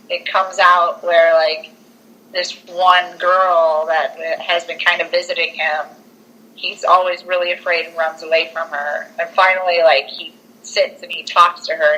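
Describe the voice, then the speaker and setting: A woman's voice: on the low side, poor audio. A young woman on a podcast, casually and animatedly retelling a film plot, full of "like" and acted-out quotes. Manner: animated storyteller, heavy use of "like", acts out quotes. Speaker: podcast co-host.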